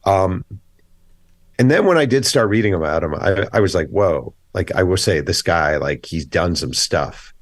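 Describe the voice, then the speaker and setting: A man, an author guest on a podcast, telling animated stories, acting out quoted dialogue and speaking bluntly. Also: low voice, normal speed, dry recording. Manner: blunt, opinionated. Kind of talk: casual podcast interview.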